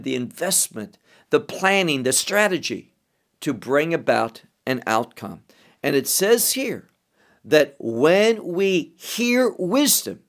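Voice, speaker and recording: A man teaching the Bible verse by verse, deliberately explaining Hebrew words as he goes. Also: a little high.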